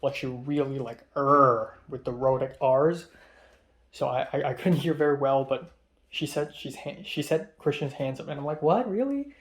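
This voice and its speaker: A man's voice: mid-range voice, flat delivery, normal speed. A young man and native Cantonese speaker casually telling a rambling story as a vlogger, with frequent ums and restarts. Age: young adult.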